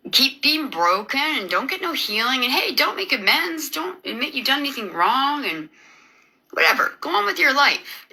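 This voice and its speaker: Sharp, animated woman ranting sarcastically. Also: fairly high pitch, breathy edge, rough recording. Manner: agitated, sarcastic, rambling with many restarts. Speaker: video creator. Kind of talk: emotional personal rant to camera.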